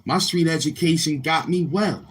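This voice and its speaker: A man's voice: on the high side, moderate pace, husky. A man hosting a livestream, chatting casually with viewers in a boastful, crude, repetitive manner. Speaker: livestream host.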